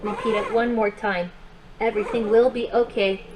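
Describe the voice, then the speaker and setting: A woman's voice: medium pitch, fairly even intonation, normal speed, background noise, lightly acted. A woman voicing a cheerful small companion robot that plays games and guides affirmations with children, in an upbeat, encouraging way. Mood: soothing.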